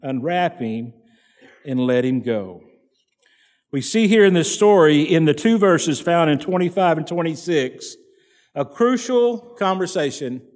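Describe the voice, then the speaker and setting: In a large church hall, a male pastor delivers an emphatic sermon, repeating phrases to drive his points home. His voice runs a little high and a little mellow.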